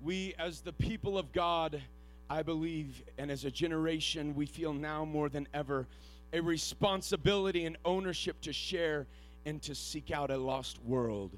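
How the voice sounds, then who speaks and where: Man, fairly high voice, preacher. Goes from soft, halting storytelling to loud, shouting exhortation. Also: faint music behind. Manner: earnest and self-deprecating, with frequent restarts. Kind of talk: sermon.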